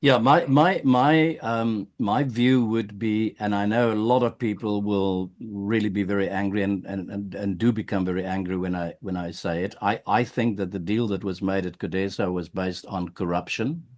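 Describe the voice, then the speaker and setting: A man from South Africa, hosting a sit-down interview podcast and speaking in a measured way with frequent restarts and hesitations. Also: fairly low pitch, steady tone, a little mellow. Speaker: podcast host.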